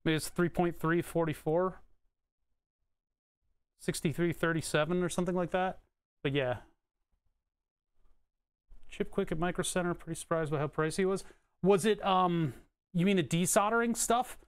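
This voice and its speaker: A man's voice: high-pitched, steady tone, normal speed, pauses often, clear, resonant tone, no echo. A man live-streaming as he solders electronics, muttering to himself and answering questions from chat in a casual, rambling way.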